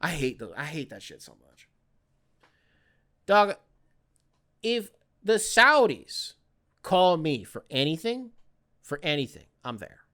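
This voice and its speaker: A man hosting a podcast, rambling in casual solo commentary with lots of swearing and excitable outbursts. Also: on the high side, slow pace, pauses often. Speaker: podcast host.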